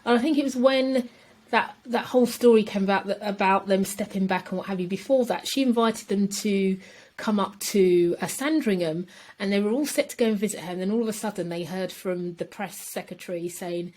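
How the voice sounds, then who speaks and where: A woman co-hosting a podcast in casual chat, animated and emphatic. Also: medium pitch, a little fast. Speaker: podcast co-host.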